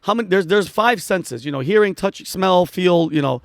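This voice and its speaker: Male comic, fast animated storyteller, raised voice, dry close mic. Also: sits high, no echo. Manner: fast, excitable, acts out quotes with shouts. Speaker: comedian guest.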